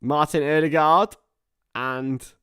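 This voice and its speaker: A young man hosts a live football watchalong from home, excitable, joking and swearing. His voice sits fairly high for a man, and he reads out viewer chat between bursts of commentary, a little worn after hours live. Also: takes it slowly, smooth. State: tired after a long stream. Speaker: livestream host commentating a football match.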